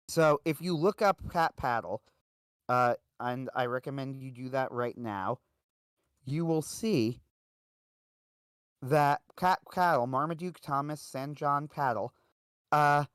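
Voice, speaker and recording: With a fairly bright, clear, and resonant medium-pitched voice, a man hosting a livestream tells a loose, rambling story full of "uh" and "like." The studio recording is clean and dry.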